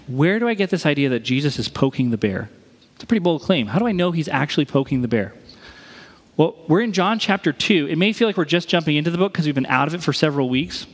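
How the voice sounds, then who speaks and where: A man's voice: on the high side, animated, quick pace, big-room sound. A man preaching a sermon in a conversational way, posing rhetorical questions to his listeners. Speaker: pastor.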